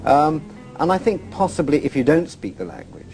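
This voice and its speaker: A man's voice: fairly high pitch, very animated, normal speed, a little mellow, faint music behind. An older man from England, a guest telling travel stories in a chatty, self-mocking way. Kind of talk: casual interview chat.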